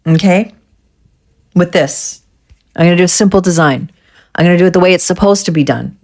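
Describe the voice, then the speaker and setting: A woman's voice: fairly low pitch, brisk, a little mellow. A woman vlogger chatting casually through a nail art tutorial, getting frustrated and swearing at herself.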